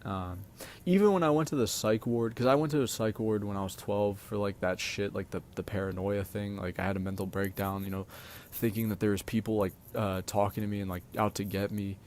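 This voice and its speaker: A young man with a fairly low voice tells personal stories straight to his audience. He rambles loosely, full of filler words and casual swearing. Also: steady tone, fairly quick, darkish tone, a little hiss or hum. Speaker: vlogger. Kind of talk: casual storytime monologue.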